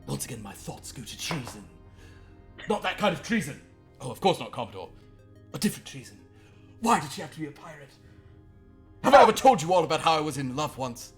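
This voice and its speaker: A man's voice: fairly high pitch, big pitch swings, brisk, pauses often, soft background music, voice pushed up. A man voicing a pompous, lovesick older naval commodore who laments theatrically and breaks into song. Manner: theatrical, mournful, bursts into song.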